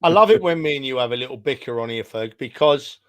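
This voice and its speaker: A man's voice: medium pitch, animated, fast. A man co-hosting a football podcast in casual chat, teasing and full of banter. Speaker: podcast co-host.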